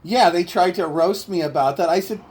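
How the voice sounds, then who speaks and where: A man telling rambling, halting anecdotes in a casual chat. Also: sits high, a little mellow, slight background noise.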